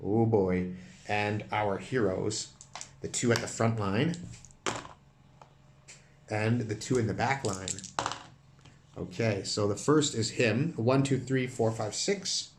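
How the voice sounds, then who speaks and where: A man running and narrating a solo tabletop game, counting dice rolls out loud in an animated way. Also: on the low side, unhurried, echoey room, noisy background. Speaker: solo game master and player.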